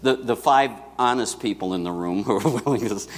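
A man's voice: medium pitch, fairly quick. A man preaching a sermon to his congregation in a conversational style, with asides to the people in the room. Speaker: pastor. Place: church sanctuary. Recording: long church reverb.

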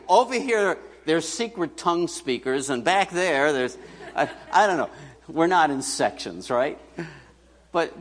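A man preaching a sermon as pastor, chatty and joking, putting questions to the congregation. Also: mid-range voice. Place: church hall. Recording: church hall reverb.

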